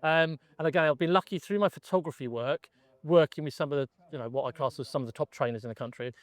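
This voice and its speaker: A man's voice: on the high side, quick pace, no room sound. A middle-aged man, a gun dog trainer from England, chatting casually as a podcast guest and telling his story with many restarts.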